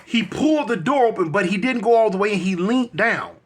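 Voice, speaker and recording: A man's voice: high voice, lively intonation, fairly quick. A man telling a personal story in a casual, slangy, conversational way, often checking in with the listener. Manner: slangy, conversational, frequent "you know what I'm saying".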